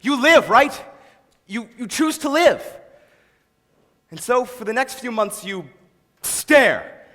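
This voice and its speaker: A man's voice: very high voice, takes it slowly, long pauses, heavily acted. A young man playing a wistful theatre-fan narrator. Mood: musing. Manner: musing, confiding, suddenly excitable. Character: nostalgic male theatre fan narrating his favorite record. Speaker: narrator of a stage musical. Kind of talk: school stage musical acting. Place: large school auditorium. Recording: reverberant hall, distant stage sound.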